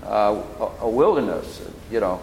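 A man teaching the Bible in sermon style, slowly explaining and repeating key phrases. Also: fairly low pitch, animated, creaky, a little mellow. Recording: echoey hall, faint noise.

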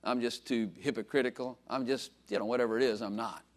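A man's voice: medium pitch, fairly even intonation, quick pace. An older man giving an informal sermon, telling rambling, self-mocking stories full of fillers and asides to a congregation. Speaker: preacher.

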